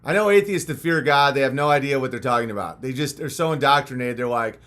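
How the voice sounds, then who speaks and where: A man's voice: medium pitch, quick pace, a bit bright. A man hosting a live stream in a casual, rambling, crude and jokey way, reading out viewer messages, a little punch-drunk after hours of talking.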